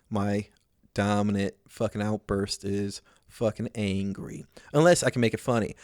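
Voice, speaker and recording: A man's voice: fairly low pitch, darkish tone, dry recording. A male comedian talks alone into the mic in a loose, rambling monologue full of swearing and self-mockery. He keeps circling back to his own point and correcting himself as he goes. The recording is dry and close. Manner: rambling, profane, self-mocking. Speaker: podcast host and comedian.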